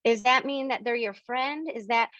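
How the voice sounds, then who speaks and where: A woman's voice: a little high, moderate pace, fairly bright tone, dry recording. A woman hosting a spiritual Q&A on a video call, chatty and acting out the dialogue she quotes. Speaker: spiritual medium hosting a member Q&A. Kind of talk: casual, animated explaining. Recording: dull, lo-fi video-call audio.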